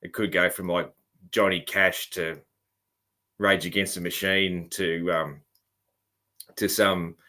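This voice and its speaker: A man's voice: low-pitched, flat delivery, slow pace, pauses often, bright, forceful tone. A middle-aged Australian man hosting a podcast interview in an easygoing, rambling way. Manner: rambling and easygoing, often calling the guest "man". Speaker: podcast host. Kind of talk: casual interview chat.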